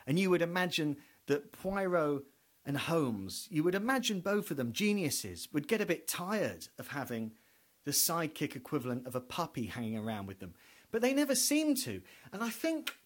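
A man delivers a wry, rambling comic monologue. His voice sits fairly high and swings widely as he acts out the people he talks about. He keeps it conversational and digressive. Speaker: comedian.

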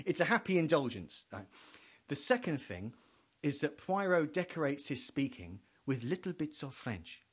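A man's voice: on the high side, husky. A man giving a wry, digressive comic monologue and acting out the characters he talks about. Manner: wry, digressive, acts out voices. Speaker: comedian.

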